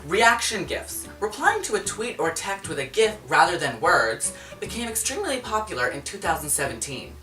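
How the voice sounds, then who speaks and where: Lively, bright-voiced woman hosting a chat. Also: low-pitched. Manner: animated and dramatic, with gasps and bursts of outrage. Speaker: host. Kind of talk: casual chat with a guest. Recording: roomy echo, distant mic, faint music.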